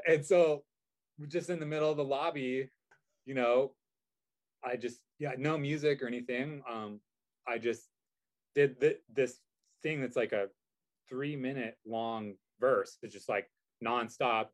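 A man's voice: mid-range voice, slow, long pauses. A man telling a story in casual chat, rambling with many fillers and restarts. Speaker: guest.

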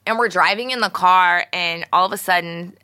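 Woman in her thirties, podcast co-host, crude and profane storyteller, low pitch with a bright edge. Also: moderate pace, clear, resonant tone, dry recording. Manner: crude, profane storytelling with loud shouted outbursts. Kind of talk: casual chat.

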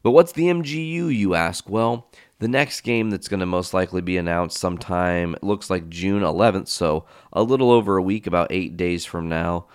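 Male podcast host, deep and resonant, casual rambling riffs, dry close sound. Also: moderate pace, clear, resonant tone, no room sound. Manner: rambling, enthusiastic riffing with fillers; casual swearing. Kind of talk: casual solo podcast talk.

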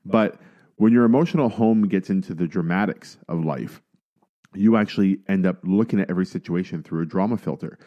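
A man co-hosting a coaching podcast in casual, emphatic chat, at times mimicking complainers in a high voice. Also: fairly quick, dull audio. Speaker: podcast co-host.

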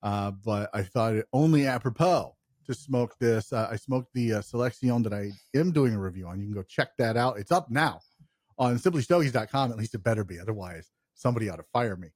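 A man co-hosting a casual podcast who talks in halting bursts, full of filler words and casual swearing. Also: on the low side, lively intonation, a little mellow, dry recording, studio quality. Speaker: podcast co-host and cigar reviewer.

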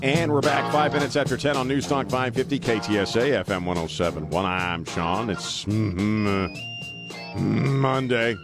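A man's voice: medium pitch, measured pace, music in the background. A man hosting a talk radio show, speaking bluntly and sarcastically with frequent hesitant fillers, in a studio at a microphone. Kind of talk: opinionated talk radio monologue.

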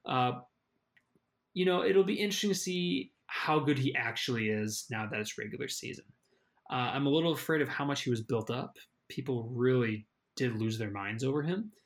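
A man's voice: medium pitch, normal speed. A man co-hosting a fantasy football show, in casual sports chat, chatty and often restarting his phrases. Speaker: fantasy football podcast co-host.

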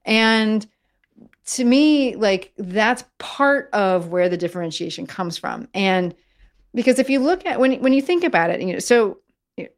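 A woman guest in an interview, talking in an animated way, often restarting her sentences and using fillers like "like" and "you know". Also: mid-range voice, unhurried. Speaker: guest, messaging consultant. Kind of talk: conversational interview.

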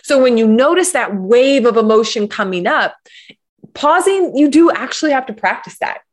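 A woman guest in a conversation, telling stories and explaining ideas with animated enthusiasm. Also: a little high, moderate pace. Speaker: guest, parenting coach. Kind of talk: conversational interview.

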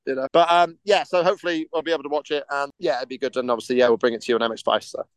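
A man co-hosts a casual chat show, talking at a middle pitch in a smooth, clear voice. He rambles, stops and restarts his sentences, and laughs easily. The sound is dry, with no room around it. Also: fairly even intonation, very fast, no echo. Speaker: podcast co-host.

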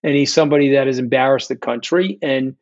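A middle-aged New Yorker, guesting in a candid interview over a remote call, tells his story bluntly, profanely and combatively. He talks fast in a mid-range voice, and the audio is dull with no room sound.

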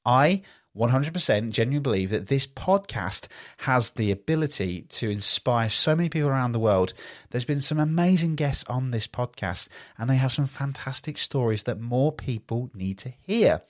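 A man's voice: medium pitch, animated, normal speed, no echo. A man hosting a solo podcast, talking upbeat and rambling into a studio podcast microphone. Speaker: podcast host.

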